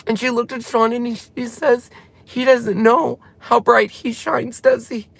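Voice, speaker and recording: Heartfelt male vlogger near tears, rambling and gravelly, close dry mic. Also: very high voice, little pitch movement, a little slow, fairly bright tone, dry recording. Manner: tearful, heartfelt, rambling retelling. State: emotional, close to crying. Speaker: channel host. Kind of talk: emotional personal vlog talk.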